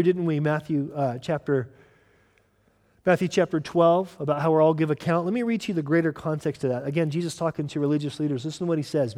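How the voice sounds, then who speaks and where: A male pastor preaching a sermon with emphatic delivery, swinging from loud urgent lines to hushed ones. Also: on the high side, long reverb tail.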